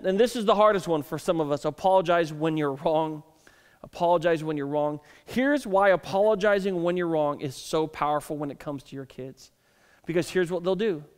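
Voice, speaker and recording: A male pastor in his thirties, with a high, smooth voice, gives a conversational sermon full of self-deprecating family stories, often restarting his words. The long reverb of a church hall surrounds him.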